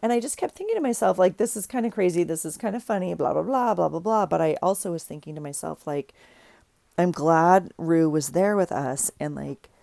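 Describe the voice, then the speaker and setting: A woman's voice: fairly low pitch, quick pace, vocal fry, few pauses, no echo. A woman in her forties telling a story in a casual, chatty way while she works on a journal, filling it with lots of "like"s. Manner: chatty, animated retelling with many "like"s. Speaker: journaling vlogger.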